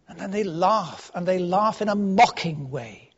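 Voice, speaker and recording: A man preaching a sermon, earnest, rising for emphasis and dropping to hushed tones. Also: high-pitched, expressive, normal speed, hardly any pauses, husky. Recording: dull lo-fi sound.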